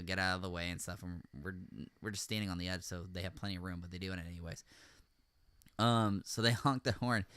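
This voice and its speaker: A man hosting a podcast, recounting events in casual chat, rambling with many fillers and getting animated when he rants. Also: on the low side, clean tone, no room sound, clean studio sound. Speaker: podcast host.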